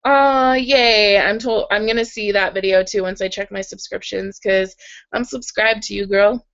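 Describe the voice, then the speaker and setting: A woman's voice: mid-range voice, fairly even intonation, moderate pace, fairly bright tone. Young woman, casual live-stream host, giggly and chatty, slightly sore throat, dull webcam sound. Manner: chatty and giggly, many "like"s and little laughs. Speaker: livestream host reading viewer comments. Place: in bed at home.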